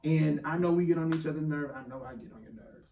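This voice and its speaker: A man's voice: a little high, fast talker, creaky, warm tone. A man co-hosting a casual chat show, speaking in a heartfelt, emotional way. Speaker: podcast co-host. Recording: echoey room, mic at a distance, faint ambient noise.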